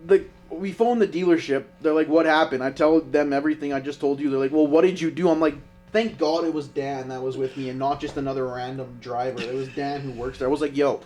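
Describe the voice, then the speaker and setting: A man's voice: mid-range voice, fast talker, slight background noise. A young man, a podcast co-host, telling a profane road story in casual chat. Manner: profane, animated anecdote telling.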